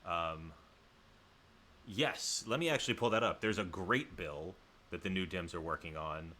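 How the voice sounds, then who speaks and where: Guy from the south hosting a stream, super bright punchy tone, rambly and keeps restarting himself. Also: sits low, a little slow, a little hiss or hum. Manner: rambling, self-correcting, chatty asides to viewers. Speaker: livestream host. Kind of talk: casual livestream chat.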